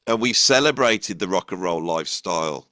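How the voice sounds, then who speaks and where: A man's voice: deep voice, lively intonation, moderate pace, sharp tone, no echo. A British man in his fifties, a music teacher hosting a casual podcast chat, rambling with many restarts. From England. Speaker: host, drummer and music teacher.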